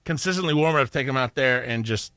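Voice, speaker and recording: A man's voice: medium pitch, fast, no room sound, studio quality. A young man co-hosting a casual talk show, joking and teasing as he tells stories. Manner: joking, teasing, animated storyteller. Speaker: co-host.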